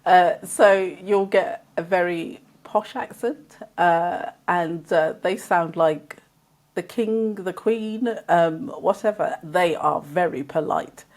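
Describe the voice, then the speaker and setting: A woman from England, with an accent somewhere between London and Birmingham, chats casually as a guest, laughing often while telling stories. Her voice is lowish, slow and a little mellow.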